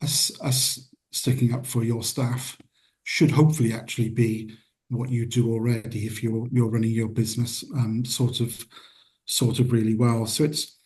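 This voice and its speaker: Hesitant man with a dark voice. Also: medium pitch, little pitch movement, normal speed. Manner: hesitant, repeats words, earnest. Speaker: trade union guest. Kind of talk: interview answer.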